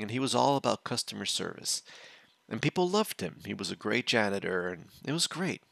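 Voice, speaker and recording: Gravelly low-voiced man telling a story. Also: lively intonation, fairly quick, fairly bright tone, dry recording. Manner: rambling, restarts phrases as he explains. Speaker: watch-along reaction host. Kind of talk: casual storytelling chat.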